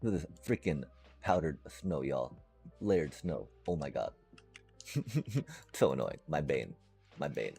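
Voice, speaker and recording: Man, extremely low voice, dark tone, casual rambling stream chat, faint music behind. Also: very animated, slow pace, vocal fry, pauses often, breathy edge. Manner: rambling and playful, addresses chat.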